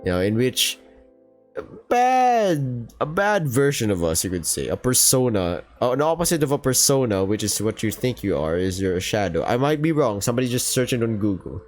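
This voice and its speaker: A man's voice: medium pitch, big pitch swings, moderate pace, soft background music. A man casually commenting while playing a story game. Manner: casual, joking. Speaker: gaming video host.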